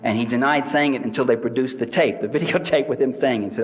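A man's voice: medium pitch, fast talker, a little hiss or hum. A man giving a satirical public lecture to a live audience, sardonic and mocking. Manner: sardonic, mimics quoted people with exaggerated voices. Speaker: speaker addressing a live audience. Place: large hall with audience. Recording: distant reverberant hall recording.

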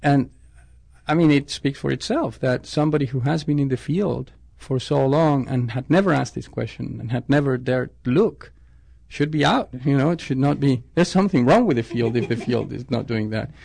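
A man's voice: mid-range voice, moderate pace, vocal fry, hardly any pauses, a little mellow, dry recording. A man, a scientist, answering interview questions thoughtfully, often restarting his sentences. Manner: thoughtful, with frequent restarts and self-corrections.

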